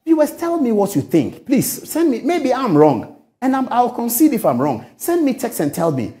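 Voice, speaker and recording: A man's voice: extremely high pitch, huge pitch swings, moderate pace, mellow. A middle-aged man hosting a TV talk show, giving emphatic political commentary full of rhetorical questions. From Ghana.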